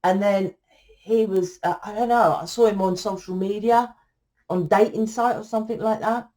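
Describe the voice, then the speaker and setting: A woman's voice: mid-range voice, steady tone, normal speed, darkish tone. A woman giving a casual tarot reading to camera, blunt and tired, swearing freely and acting out what people say. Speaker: tarot reader.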